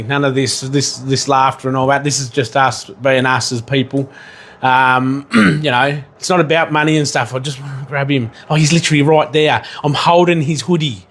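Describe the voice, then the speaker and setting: A man hosting a casual livestream while he cooks. He rambles, swears casually and bursts into excited yelling now and then. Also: mid-range voice. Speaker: livestream host and chef.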